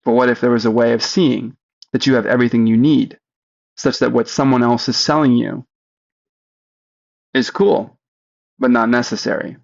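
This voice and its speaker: Slow, gravelly-voiced man teaching. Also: medium pitch, steady tone, a little mellow, highs cut off. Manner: slow, deliberate, leads repetitions. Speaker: spiritual teacher. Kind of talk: guided meditation teaching.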